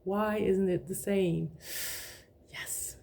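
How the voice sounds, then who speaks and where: A woman with a Danish accent teaching her native language in a casual lesson, chatting with small laughs and repeating words slowly to show how they sound. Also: mid-range voice, fairly even intonation, creaky, dark tone.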